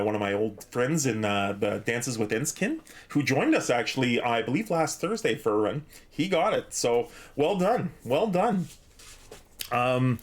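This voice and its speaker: While he reads chat and thanks viewers during a game stream, a man with a mid-range voice sounds a bit out of breath. His casual talk rambles, full of fillers and false starts.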